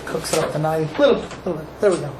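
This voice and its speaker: Man, rabbi, Torah class, animated, acts out dialogue, echoey room, faint background noise. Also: on the high side, fast talker. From Cleveland, Ohio. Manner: animated, acts out dialogue, asks the audience questions. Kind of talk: Torah class to a live group. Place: echoey room with a small audience.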